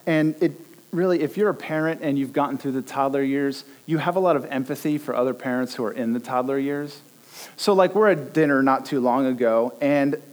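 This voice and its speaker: A middle-aged man preaching a sermon, telling stories with lively, animated delivery and acting out bits of dialogue. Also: medium pitch. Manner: animated storytelling, acts out dialogue. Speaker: pastor.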